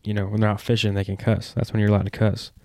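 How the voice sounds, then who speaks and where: Male podcast co-host, somewhat low voice, blunt joking banter, dry close sound. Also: level tone, fast talker, vocal fry, dark tone, no echo. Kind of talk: casual chat. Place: studio. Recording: dry close studio mic.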